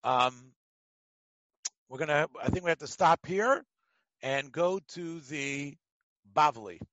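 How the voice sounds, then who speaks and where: A middle-aged man with an American accent teaching a casual Talmud lesson as a lively storyteller with joking asides. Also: on the high side, slow, no echo, low-quality recording.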